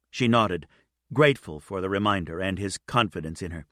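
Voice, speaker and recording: A man narrating a novel in an even, measured reading. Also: low voice, dry recording, studio quality. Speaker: audiobook narrator. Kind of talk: scripted narration.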